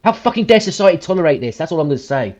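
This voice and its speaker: A man with a somewhat high voice delivers heated, profanity-laced commentary. He rants and hammers his points home. The recording sounds a little dull and muffled. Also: big pitch swings, very fast, darkish tone. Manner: ranting, profane, emphatic. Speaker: podcast host.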